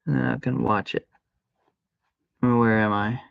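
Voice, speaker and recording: A man speaks a little slowly in a medium-pitched, steady voice with vocal fry, the tone clean but the highs cut off. It's casual live-stream chat during gaming, chatty and mock-dramatic, with hummed tunes and sung sound effects between lines.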